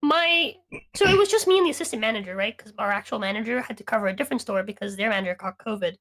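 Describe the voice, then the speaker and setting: A woman's voice: medium pitch, lively intonation, very fast, a bit bright. A woman co-hosting a podcast, telling stories in a heated, profane, rambling way. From Latina. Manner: profane, heated ranting storyteller. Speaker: podcast co-host. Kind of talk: casual storytelling chat.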